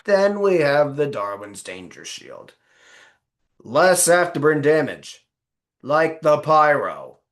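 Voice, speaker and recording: Man, casual game-guide narrator, put-on Australian accent, playful and rambling, lively pitch. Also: slow pace. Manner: playful, rambling, with self-corrections.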